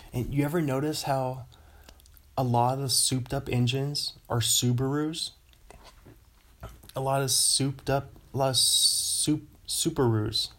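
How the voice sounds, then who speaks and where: A mid-range, slightly bright male voice belongs to a podcast host from the Pacific Northwest. He wanders from one topic to the next in a casual monologue, chuckling to himself as he goes.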